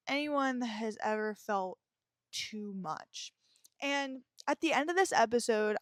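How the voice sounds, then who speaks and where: A woman's voice: a little high, dry recording, clean studio sound. A young woman hosting her own podcast, chatting in a bubbly, rambling way with frequent laughs and casual swearing. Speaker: podcast host. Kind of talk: casual solo podcast chat.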